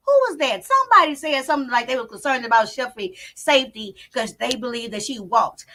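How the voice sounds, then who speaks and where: A woman hosting a live commentary stream from home, loud and profane, talking straight to her chat. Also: high voice, expressive, brisk. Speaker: commentary channel host. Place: home, indoors. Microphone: not on camera, live stream mic.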